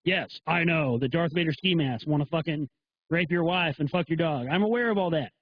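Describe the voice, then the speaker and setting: A man's voice: on the high side, brisk, lo-fi sound, a little hiss or hum. A man hosting a live internet talk show, delivering a profane, emphatic, heated rant. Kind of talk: ranting monologue.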